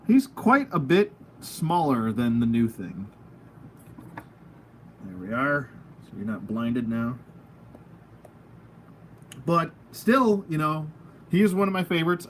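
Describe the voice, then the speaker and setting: A man with a voice on the high side hosts a casual, unscripted toy review at home at a table of figures, rambling goofily and laughing at himself along the way. He's the channel's host, and slight background noise can be heard.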